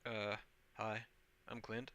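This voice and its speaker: A man's voice: fairly low pitch, completely flat delivery, slow, a bit bright, a little hiss or hum. A man voicing a timid male blacksmith, shy and hesitant.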